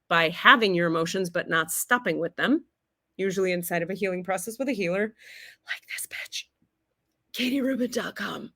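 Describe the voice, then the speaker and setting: Woman, host, comic spiritual teaching, animated, casual swearing, big swings from hushed to loud, mid-pitched voice. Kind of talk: live-streamed spiritual teaching with comedy.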